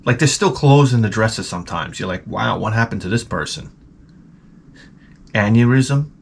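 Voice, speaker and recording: A man's voice: expressive, normal speed, gravelly, a little hiss or hum. Rambling, crude-joking man. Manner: crude, rambling storytelling with sudden high-pitched outbursts. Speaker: channel host. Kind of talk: rambling comic monologue.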